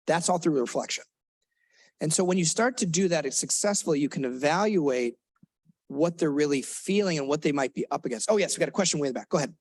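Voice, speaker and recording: Quick-paced and expressive, this man's higher-than-average voice carries no room sound. He's a therapist leading a live workshop for parents before an audience in a lecture room, earnest and conversational, now and then voicing what children and parents might say.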